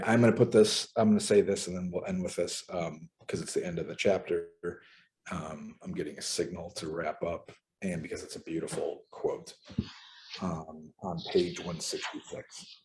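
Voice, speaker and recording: Low-voiced man leading a book study. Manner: relaxed, conversational, uses filler ums. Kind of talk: casual group discussion. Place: home. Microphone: video call.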